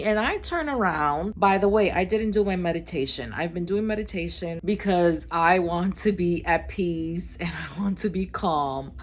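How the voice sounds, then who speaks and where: A woman vlogger telling a storytime, ranting in an animated, exasperated way. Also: fairly low pitch, normal speed, few pauses. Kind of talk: storytime vlog.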